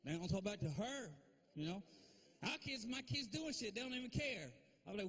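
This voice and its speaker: High-voiced male stand-up comic. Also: animated, moderate pace, fairly bright tone. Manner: conversational, with frequent "you know?" and "man". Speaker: stand-up comedian. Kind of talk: stand-up comedy routine. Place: stage at a live comedy show.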